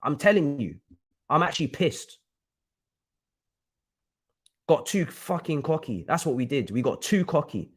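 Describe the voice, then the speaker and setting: Angry football fan ranting. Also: male voice, fairly high pitch, big pitch swings, moderate pace, slightly rough. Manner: angry, swearing, repeats himself. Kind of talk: heated live-stream rant.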